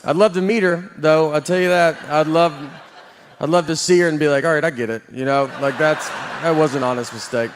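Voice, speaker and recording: A man performing a stand-up comedy set, telling stories in a deadpan, self-deprecating way. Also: a little high, moderate pace, in a large hall, a little hiss or hum. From Southern United States.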